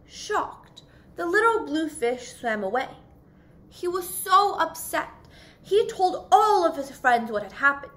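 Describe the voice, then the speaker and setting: Young woman, high-pitched, unhurried, sing-song storybook reading. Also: sing-song, fairly bright tone. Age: young adult. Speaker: youth volunteer reading aloud. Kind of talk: children's storybook read-aloud.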